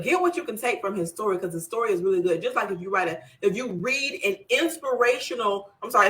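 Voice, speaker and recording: Bright-voiced woman hosting a casual book chat. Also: mid-range voice, low-quality recording. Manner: chatty and digressive, reads aloud haltingly. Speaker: book club host. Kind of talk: casual book review with scripture reading.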